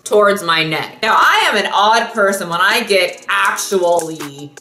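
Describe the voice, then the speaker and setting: Young woman, vlogger, animated sarcastic storytelling, roomy echo, music underneath. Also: medium pitch, a little slow. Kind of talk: story-time vlog. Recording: echoey room with music.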